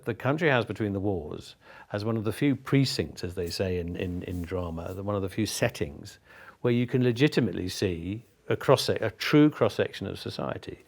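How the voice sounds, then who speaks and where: A man from Britain tells warm, witty anecdotes in an interview. His voice sits fairly low. He restarts phrases often as he talks. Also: vocal fry. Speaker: actor, interview guest.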